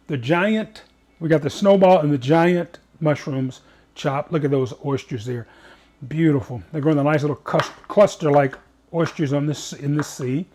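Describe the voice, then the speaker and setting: A man's voice: on the high side, a little mellow. A man hosting a cooking show, chatting in an upbeat way with rambling asides as he cooks. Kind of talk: casual cooking demonstration.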